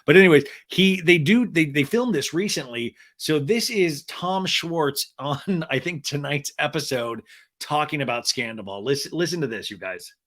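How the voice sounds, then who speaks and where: A man's voice: a little high, normal speed. A man hosting a podcast, chatting casually and animatedly about pop culture. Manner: chatty and animated, with laughs and silly quoted voices. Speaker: podcast host.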